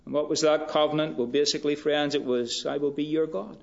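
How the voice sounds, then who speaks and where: A man preaching a sermon in a slow, measured way, rising in pitch and force for emphasis. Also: fairly even intonation, creaky, darkish tone. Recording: dull lo-fi recording.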